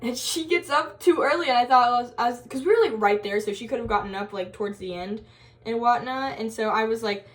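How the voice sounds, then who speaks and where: A woman's voice: a little high, brisk, fairly bright tone. A young woman telling a story in a casual college vlog, chatty and giggly, full of fillers and quoted asides. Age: young adult. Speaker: college vlogger.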